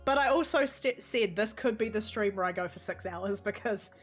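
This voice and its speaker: A woman's voice: medium pitch, normal speed, faint music behind. Chatty New Zealand woman streaming a game. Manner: rambling and chatty, laughs often, talks to chat and her pets. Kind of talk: casual live-stream chatter while playing.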